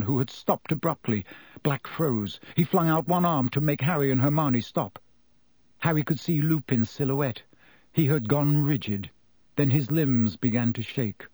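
Steady male audiobook narrator. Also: mid-range voice, no echo. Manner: measured, steady storytelling. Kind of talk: scripted narration.

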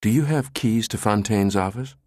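A man voicing a pushy, fierce middle-aged woman analyst, talking in an insistent, sharp, clipped way. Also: on the low side, moderate pace, no room sound, studio quality, voice pushed up, natural voice.

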